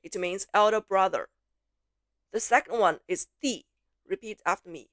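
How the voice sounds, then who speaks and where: A woman teaching pronunciation, slowly repeating syllables and words for learners to copy, switching between English explanations and drills. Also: medium pitch, lively intonation, no echo, clean studio sound. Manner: slow, clear repetition, drawn-out syllables for learners. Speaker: Mandarin teacher.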